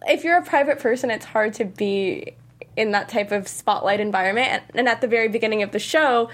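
A woman's voice: fairly high pitch, brisk. A woman on a casual panel, explaining her opinions thoughtfully.

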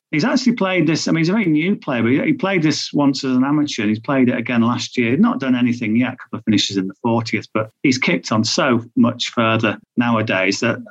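A man talking as a podcast tipster, rattling off results and odds with plenty of ums and uhs. His voice sits at a middling pitch. The recording is muffled and lo-fi. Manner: chatty, reels off stats and odds with frequent fillers. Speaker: golf betting tipster. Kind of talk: podcast chat. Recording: dull lo-fi audio.

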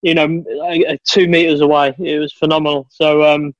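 A man talking as a guest on a casual chat podcast, fairly high in pitch for a man. He tells his stories with eager enthusiasm and keeps calling the host "mate". The audio is dull and lo-fi, and the sound is dry and close. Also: flat delivery, normal speed, no echo. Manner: chatty, enthusiastic storyteller, says "mate".

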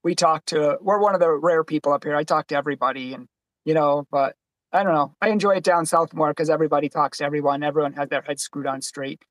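A man's voice: steady tone, fast talker, fairly bright tone, no echo. A young man chatting on a livestream, telling stories and acting out the quoted people. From Boston, USA. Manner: chatty storyteller, acts out quotes in higher voice. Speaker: podcast host. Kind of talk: casual livestream chat.

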